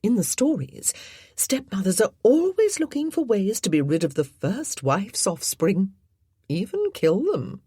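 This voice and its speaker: Woman playing a spiteful, icy grand dame; superior, husky. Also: mid-range voice, big pitch swings, measured pace, dark tone, dry recording, clean studio sound, pitched above the performer's own voice. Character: cold, spiteful haughty older lady.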